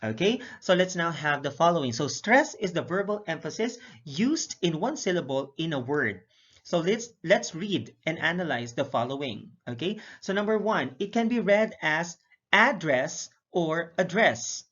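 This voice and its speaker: A male English teacher recapping a lesson, speaking in a measured way, repeating each word pair slowly with frequent "okay" and "uh" fillers. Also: a little high, very animated, a bit bright. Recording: dull lo-fi recording.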